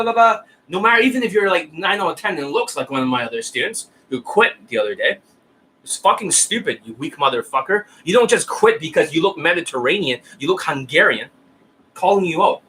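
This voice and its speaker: A man's voice: high-pitched, pushed and bright, low-quality recording. A man coaching dating skills in a profane, scornful rant, insulting his listeners and checking "right?" and "you see that?" again and again. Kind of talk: ranting coaching monologue.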